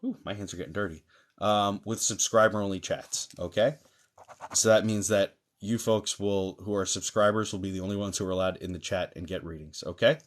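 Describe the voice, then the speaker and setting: Low-voiced man hosting a live reading. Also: a little fast. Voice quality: chatty, lively greetings, many fillers. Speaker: medium hosting a live stream. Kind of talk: live-stream psychic reading, reading chat aloud.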